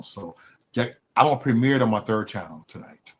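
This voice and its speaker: A man from Chicago hosting a live stream, delivering a profane comedic rant that swings into loud yelling. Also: on the low side, animated, normal speed.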